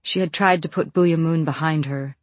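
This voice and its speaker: An audiobook narrator reading a novel in an even, measured way. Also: mid-range voice, dry recording.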